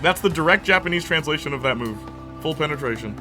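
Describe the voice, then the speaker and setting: Let's-play host, young man, lively rambling chatter with game music underneath. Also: fairly high pitch, quick pace. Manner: rambling, joking, animated storytelling. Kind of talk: casual gameplay commentary.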